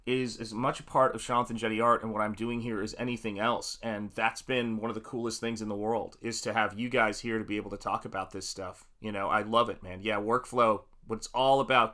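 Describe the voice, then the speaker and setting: Upbeat, bright-voiced streaming painter. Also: male voice, mid-range voice. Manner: greets viewers by name with upbeat energy; rambling, many fillers while working. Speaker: livestream host and painter. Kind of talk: casual live-stream chat. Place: home art studio.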